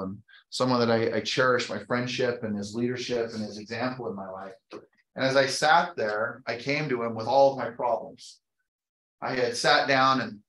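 In a roomy, echoing space, a man in his fifties who leads and trains a real estate team gives a motivational talk to an audience. He tells a personal story and builds to an emphatic, upbeat push, his voice medium in pitch and slightly bright.

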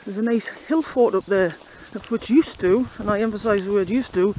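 A man's voice: sits high, steady tone, fairly quick, rough recording. A man joking dryly as he rambles through a rural valley, talking to the camera while he walks outdoors. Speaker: vlogger. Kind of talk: walking vlog commentary. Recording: loud wind and outdoor noise.

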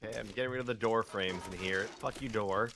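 A man's voice: on the low side, quick pace, heavy background noise. A man co-playing on a game stream in casual chat, swearing often and cracking dry jokes.

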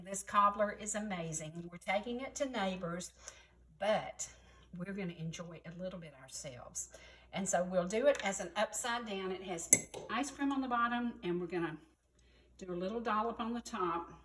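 A woman's voice: medium pitch, bright, forceful tone, roomy sound, slight background noise. A woman in her sixties with a Southern US accent, hosting a cooking segment in a homey, folksy way. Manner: folksy, homey, says y'all. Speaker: talk show host. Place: indoor kitchen.

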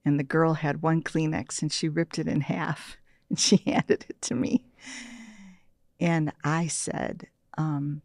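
A gravelly-voiced woman in her sixties tells personal stories in a soft, reflective way. She often drops almost to a whisper and laughs lightly. The recording is dry and close. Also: deep voice, little pitch movement, unhurried, dry recording. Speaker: interview guest, meditation practitioner.

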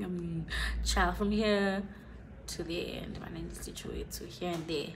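Excited young woman vlogger, rambling. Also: medium pitch, normal speed, a little hiss or hum. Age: young adult. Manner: excited, rambling, often drops to a near whisper. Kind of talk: casual vlog chat.

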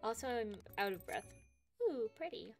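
A woman's voice: a little high, sing-song, moderate pace, darkish tone. A young woman streaming a game, chatting casually and giggling often as she reads chat aloud. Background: game music.

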